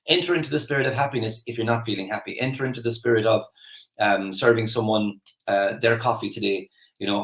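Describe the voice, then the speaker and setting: A man's voice: on the low side, fast talker, fairly bright tone, roomy sound, low-quality recording. An Irish man giving a casual motivational talk, chatty and rambling with lots of restarts and fillers. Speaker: motivational speaker.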